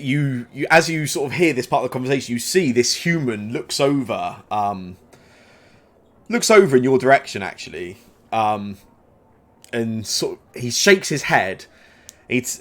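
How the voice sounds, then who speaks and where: A man narrating as game master in a tabletop game, pausing often and restarting his sentences as he describes the scene. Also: mid-range voice, fairly bright tone. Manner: hesitant, many fillers and restarts.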